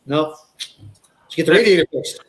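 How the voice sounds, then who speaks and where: A man in casual chat, teasing the host with quick questions. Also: on the high side, animated, fairly bright tone. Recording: echoey room with noise.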